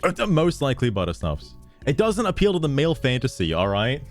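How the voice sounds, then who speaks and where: A man's voice: medium pitch, huge pitch swings, brisk, soft background music. A man streaming, reacting to a video in casual, profane commentary, incredulous and often laughing.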